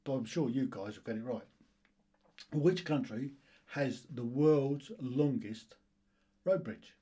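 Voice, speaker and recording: A man's voice: mid-range voice, dark tone, husky. Chuckling man hosting a quiz. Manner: chuckling, self-deprecating, reads questions slowly. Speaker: quiz host. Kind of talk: casual quiz video.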